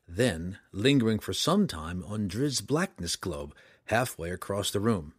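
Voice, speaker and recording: A man narrating a fantasy audiobook in an expressive, dramatic storytelling manner. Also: lowish voice, unhurried, slightly rough, no room sound, studio quality.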